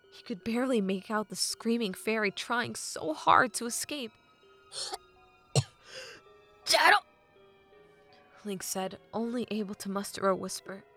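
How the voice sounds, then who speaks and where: Gravelly-voiced woman narrating a novel. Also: mid-range voice. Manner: measured, often dropping to a hushed half-whisper. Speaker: audiobook narrator.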